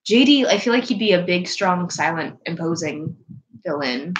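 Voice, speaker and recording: A woman's voice: on the low side, animated, dull audio. A young woman chatting casually with a friend, chatty and trailing off at the ends of thoughts. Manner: chatty, trailing off, quick to laugh. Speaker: co-host of a fan-film channel. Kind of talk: casual chat.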